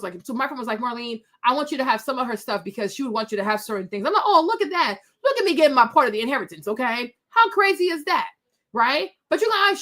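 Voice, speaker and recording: A middle-aged woman hosting her own show, telling a personal story to viewers in a chatty, animated way full of asides. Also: sits high. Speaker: host.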